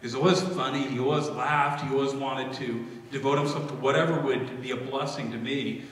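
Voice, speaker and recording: A middle-aged man speaking at his father's memorial, emotional and holding back tears, but laughing warmly at times. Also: medium pitch, fairly even intonation, a little fast. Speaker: eulogist son. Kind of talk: memorial eulogy. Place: large echoey hall. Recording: echoey hall from far off.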